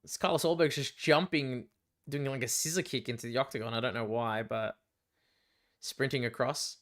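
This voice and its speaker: A young Australian man hosting a live fight watch-along, chatty and excitable, swearing freely as he reacts. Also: medium pitch, normal speed. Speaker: livestream fight companion host.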